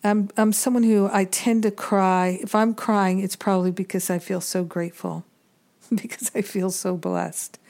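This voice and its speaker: A woman giving a reflective spiritual teaching talk, measured and earnest, pausing often between thoughts. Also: mid-range voice, steady tone, darkish tone.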